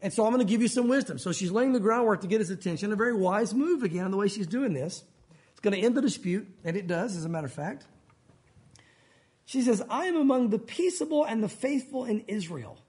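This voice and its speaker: A man preaching an expository sermon in an animated, conversational storytelling manner. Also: high voice, fast.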